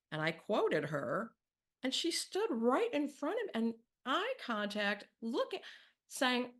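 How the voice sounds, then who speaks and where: A woman's voice: fairly high pitch, measured pace. A woman sharing a personal story in a candid, reflective way, acting out the people she quotes. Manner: candid, reflective, animated when quoting.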